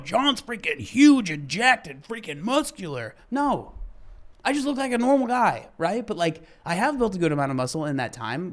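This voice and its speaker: A man reacting to a video clip with casual fitness commentary, earnest and quick to get worked up, then apologizing. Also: sits high.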